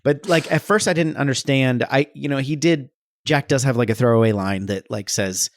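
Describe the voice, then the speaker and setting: A man's voice: medium pitch, moderate pace, no echo, studio quality. A man co-hosting a comedy podcast, chatting casually with laughs and casual swearing. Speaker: podcast co-host. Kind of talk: casual chat.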